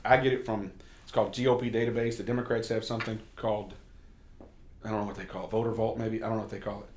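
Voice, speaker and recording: A man's voice: lowish voice, flat delivery, fast, darkish tone, reverberant. A man serving as a state representative, from Kentucky, talking candidly in a casual sit-down conversation and telling stories. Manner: candid, storytelling, occasional cursing.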